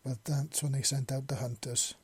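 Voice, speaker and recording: A man voicing a desperate young runaway in his early twenties, talking fast and urgently. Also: mid-range voice, little pitch movement, a little mellow, slightly rough. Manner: frantic, pleading.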